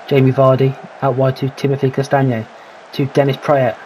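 A man's voice: medium pitch, completely flat delivery, normal speed, darkish tone, a little hiss or hum, low-quality recording. A man giving casual let's-play commentary on a football management game, calling out players and thinking aloud about tactics. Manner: calls player names, mutters his own worries. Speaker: gaming commentator.

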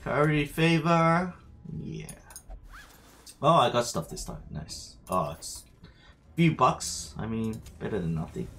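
A man's voice: mid-range voice, expressive, measured pace, gravelly, long pauses, fairly bright tone. A man streaming a game, chatting to himself and his viewers as he plays. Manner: chatty, talks to himself while playing. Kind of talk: live gameplay commentary. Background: faint game music.

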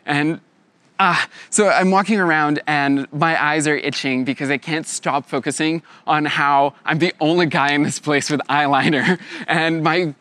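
A young man telling a personal story in a lively way, laughing often and acting out the voices of others. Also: a little high, no echo.

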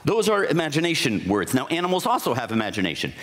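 A man's voice: mid-range voice, wildly swooping pitch, fast talker, a bit bright. A man giving a conference talk, explaining ideas in a reflective way with occasional restarts. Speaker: conference speaker. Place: conference hall. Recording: hall reverb.

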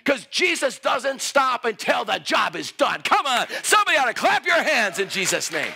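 A man preaching a sermon, telling a story, laughing and rising to shouts. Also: very high voice, big pitch swings, moderate pace, vocal fry, few pauses, faint music behind, some chatter behind. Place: church hall.

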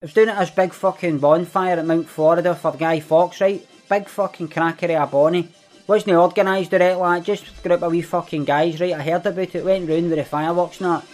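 A man's voice: sits high, steady tone, brisk, darkish tone, faint music behind, natural voice. A man with a Glaswegian Scottish accent playing a swaggering, foul-mouthed young Glasgow ned, boasting in a comic monologue. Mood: boastful. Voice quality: heavy swearing, boastful storytelling. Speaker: comedy monologue character. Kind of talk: scripted comedic monologue.

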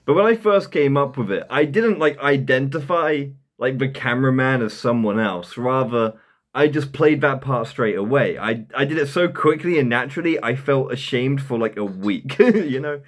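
A man's voice: mid-range voice, lively intonation, normal speed. A young man giving casual comedic commentary, rambling and chuckling at his own jokes. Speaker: commentary YouTuber.

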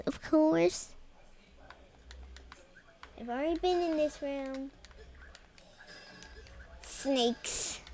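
A young gamer commenting on a game with rambling, exasperated talk and silly made-up songs. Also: mid-range voice. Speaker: let's play gamer.

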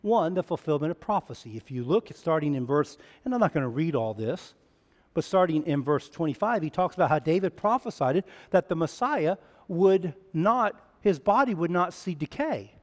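A male pastor preaching a sermon in a church, swinging between loud emphatic runs and hushed, quiet lines. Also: a little high, lively intonation, moderate pace. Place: church sanctuary. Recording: long reverb of a church hall.

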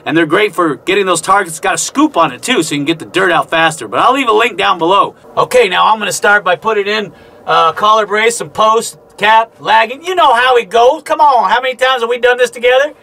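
A man's voice: high-pitched, fairly quick, vocal fry, pushed and bright. A man hosting a casual vlog as a gold prospector from inside a narrow mine tunnel, folksy and jokey, with whooping exclamations. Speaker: gold prospector and channel host. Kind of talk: casual show-and-tell vlog.

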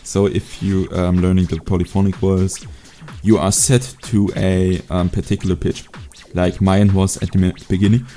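A young man teaching a beatbox sound in a casual home video tutorial, relaxed and hesitant, with many fillers. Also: sits low, moderate pace, few pauses, soft background music. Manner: laid-back, hesitant with fillers. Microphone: USB desk mic.

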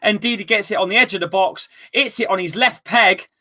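A man hosting a live football watchalong, talking excitedly, laughing often and shouting during goals. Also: high voice, fairly quick. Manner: excitable, laughing, loud celebrations. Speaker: fan channel host.

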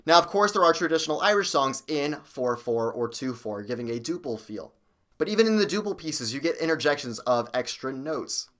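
A man hosting a music theory lesson, explaining with an energetic, bouncy delivery. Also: mid-range voice, brisk. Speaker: music theory teacher and host. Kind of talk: upbeat video music lesson.

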